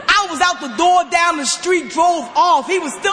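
An emphatic woman tells her own story to a recovery meeting. Her forceful voice often rises close to a shout. The sound carries long reverb, as if from a large hall. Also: extremely high pitch, normal speed, few pauses, a little hiss or hum. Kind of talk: personal testimony share.

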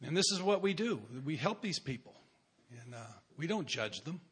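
A man's voice: fairly high pitch, very animated, moderate pace, a bit bright, breathy edge. Wry man telling a story. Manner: wry, self-mocking storyteller. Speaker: recovery meeting speaker. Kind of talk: humorous personal story to a meeting.

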